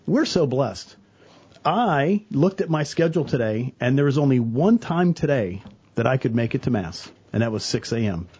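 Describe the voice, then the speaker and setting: Lively, husky-voiced man. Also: mid-range voice, normal speed, highs cut off. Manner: earnest, animated storyteller, quotes people in voices. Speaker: church worker, guest on a talk show. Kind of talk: casual faith talk.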